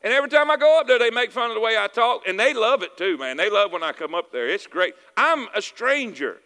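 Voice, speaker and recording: Southern preacher man, high bright voice, keeps asking y'all with me, echoey church hall. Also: animated, fairly quick. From Southern United States. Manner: calls for "amen" and "y'all with me", repeats phrases for emphasis. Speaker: pastor. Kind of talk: sermon.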